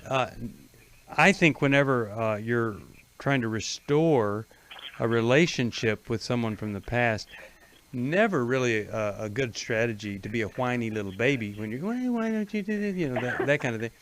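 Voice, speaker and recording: A man hosts a call-in advice show in a steady, medium voice. He gives his counsel bluntly and directly, with little softening. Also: medium pitch, moderate pace, slight background noise. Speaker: radio show host. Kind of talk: advice radio talk.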